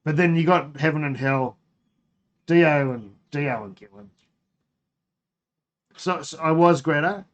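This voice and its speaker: A man's voice: fairly high pitch, unhurried, pauses often, dull audio. An Australian man chatting casually on his home-brewing live stream, rambling, laughing and breaking off mid-sentence. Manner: rambling, laughing, self-interrupting.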